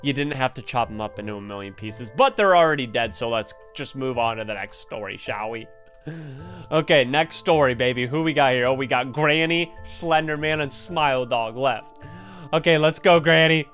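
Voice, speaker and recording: A young man commentating a horror game, excitable and jokey, exclaiming often. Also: mid-range voice, normal speed, soft background music. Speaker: gaming video host.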